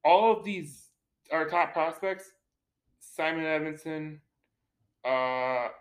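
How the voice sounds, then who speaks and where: A man's voice: a little high, slow, poor audio. A man co-hosting a casual sports talk show, rambling and often repeating words as he restarts his sentences. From Detroit area. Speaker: podcast co-host.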